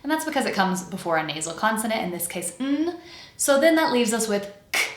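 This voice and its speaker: A woman with an American accent teaching a pronunciation lesson, speaking clearly and slowing down to model example words. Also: medium pitch, big pitch swings, roomy sound. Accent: General American.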